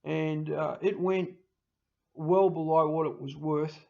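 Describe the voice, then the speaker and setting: Gravelly man, emotional rambling vlog. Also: fairly high pitch, slow pace. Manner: rambling and emotional, mimics people in loud animated bursts, laughs often. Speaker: YouTuber signing off. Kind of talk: casual personal talk to camera. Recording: dull lo-fi home recording.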